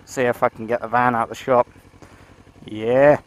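A man's voice: medium pitch, steady tone, moderate pace, poor audio. A biker talks to himself and to his bike as he rides through town. His chat rambles and he swears a lot, in an ordinary mid-range voice. Faint road noise sits behind him, picked up by his helmet mic. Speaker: motovlogger. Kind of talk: casual motovlog chat while riding. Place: outdoors on a motorcycle in town.

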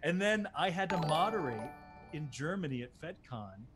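An American man chatting as a guest over a video call, telling lively anecdotes with sudden exclamations. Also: on the high side, normal speed, music in the background. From United States. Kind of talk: casual chat, storytelling.

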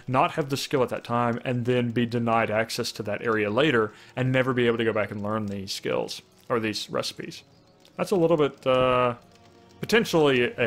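Musing male game commentator over faint music. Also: medium pitch. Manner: musing, thinks aloud with restarts and wry asides. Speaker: let's play commentator. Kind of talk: casual gameplay commentary.

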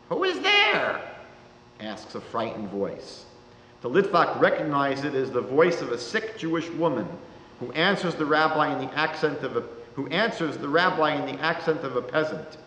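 A man, a rabbi giving a lecture, telling a story in a measured, dramatic way. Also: medium pitch, fairly bright tone, a little hiss or hum. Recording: reverberant lecture hall.

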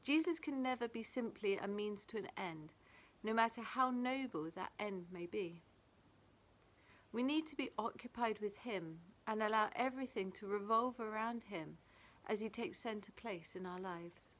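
English woman, church devotional leader, calm and reflective, average pitch. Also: moderate pace. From England. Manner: gentle, reflective, reads and comments on a devotional. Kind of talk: daily devotional talk. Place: small garden playhouse. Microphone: camera video.

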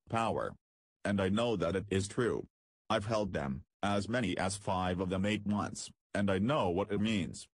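A man reads a dying old spaceman from a pulp space story. He speaks low in a hoarse, fervent whisper, his voice husky and dry. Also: no room sound.

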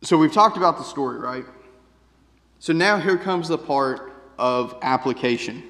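A man's voice: fairly high pitch, lively intonation, a little slow, a bit bright. A man preaching a sermon in a casual, conversational way, often checking in with "right?". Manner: conversational, keeps asking "right?". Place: church sanctuary. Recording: long reverb of a church hall.

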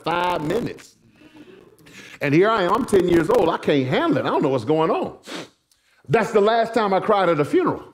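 A middle-aged male pastor preaching a sermon in church, telling stories with folksy asides to the congregation. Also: sits high. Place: church sanctuary.

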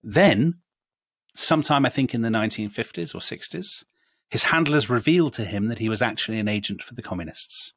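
A man's voice: mid-range voice, expressive, a little fast, a bit bright, husky, no room sound. British guy chatting history on a podcast, lots of ums, dry close sound. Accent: British English. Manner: chatty, storytelling, frequent ums. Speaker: podcast co-host. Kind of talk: casual history chat.

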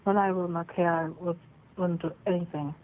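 A German-accented woman from Germany on a tinny phone line, speaking in a soft, pleading and appeasing way. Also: on the low side, fairly even intonation, brisk. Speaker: partner on a phone call.

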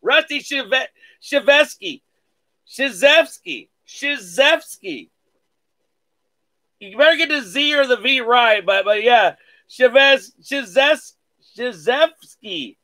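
High-voiced laid-back card break host. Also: male voice, a little slow, bright, forceful tone. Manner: laid-back, many "uh" fillers, greets viewers by name. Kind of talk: casual live-stream chat.

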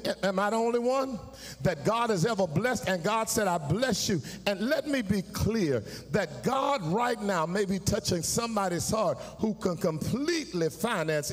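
A pastor preaches live in a church, his fairly high voice rising from quiet, confiding lines into sung, shouted peaks. He calls out to the congregation for answers as he goes. The sound carries the long reverb of a large sanctuary. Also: a little hiss or hum. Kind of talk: sermon.

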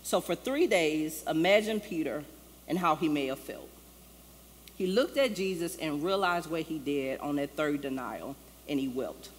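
With a deep, animated voice and a slightly slow pace, a woman pastor gives an easygoing, conversational sermon, voicing the lines she quotes. It's recorded in a church sanctuary with long hall reverb and faint ambience.

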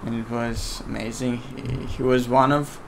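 A man's voice: mid-range voice, little pitch movement, unhurried, noisy background. A man whose first language is Romanian, casually commentating a strategy game match with a friend, chatty and getting heated when he argues.

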